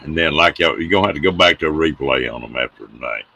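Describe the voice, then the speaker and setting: Deep, bright-toned storyteller man. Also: fast talker, gravelly, husky. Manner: folksy, drawling yarn-spinner who laughs at his own tales. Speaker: host telling stories. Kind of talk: casual storytelling on a live show.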